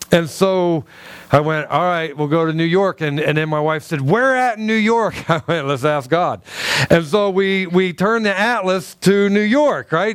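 A man, a pastor, telling a personal story in a sermon with relaxed humor, dropping his voice low when he quotes what he heard. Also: clear, resonant tone, dry recording. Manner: conversational, self-deprecating humor, acts out quotes in a lower voice.

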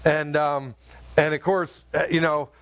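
A man preaching a sermon, telling a personal story in a halting, conversational way full of fillers, then rising to fervent exhortation. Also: a little high, flat delivery, fairly bright tone, no room sound.

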